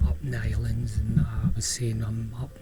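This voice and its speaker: A man with a Scottish accent telling a personal story in a relaxed, chatty way, often restarting and drawing out words. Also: lowish voice, normal speed, soft background music, low-quality recording. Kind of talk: casual spoken storytelling.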